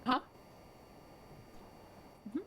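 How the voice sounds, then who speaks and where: A woman chatting in character during a role-play game, telling animated stories. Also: drawn-out words, slight background noise.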